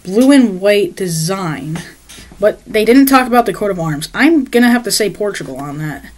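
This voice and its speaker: A woman's voice: medium pitch, lively intonation, moderate pace, poor audio. A woman giving casual map-game commentary, rambling and unsure, with lots of fillers and self-corrections. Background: loud background music.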